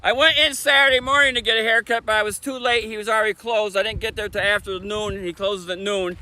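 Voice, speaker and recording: A man with a Michigan accent chatting fast and casually on a livestream, sitting outdoors on a bench by a bridge. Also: sits high, fairly even intonation, pushed and bright, rough recording. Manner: talks fast, chatty, laughs often. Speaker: streamer. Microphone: phone camera on a tripod.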